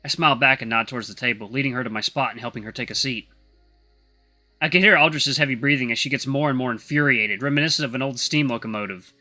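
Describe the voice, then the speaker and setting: A man's voice: mid-range voice, fast, sharp tone, soft background music. A young man narrating a first-person story in a wry, irreverent way.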